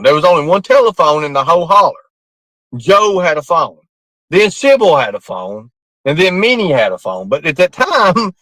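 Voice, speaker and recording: Man, high voice, dry close sound; chatty, rambling storyteller who laughs through his tale and swears casually. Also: a bit bright, no room sound, poor audio.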